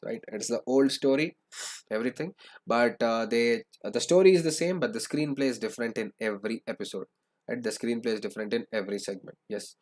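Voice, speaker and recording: A man's voice: mid-range voice, darkish tone. A young man giving an online lesson, often asking "right?" and repeating his points. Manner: frequent "right?" tag questions, repeats phrases. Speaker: online English teacher. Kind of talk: lecture to students.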